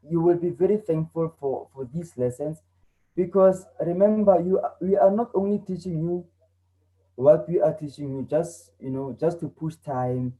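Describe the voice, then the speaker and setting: A man's voice: a little high, phone-quality sound. A young man teaching an online English lesson to teenagers, earnest and repeating himself as he explains. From South Africa.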